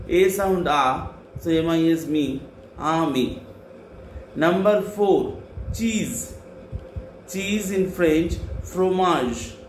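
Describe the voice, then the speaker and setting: A male French teacher, patiently repeating each word and spelling it out letter by letter for a class. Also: on the high side. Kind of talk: slow classroom dictation, spelling words letter by letter. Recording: echoey classroom with faint hum.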